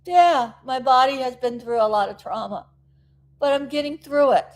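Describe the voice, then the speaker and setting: A vlogger from South Florida who is recovering from an injury chats to camera in a rambling, emotional, tearful way. Her voice is high and moderately paced.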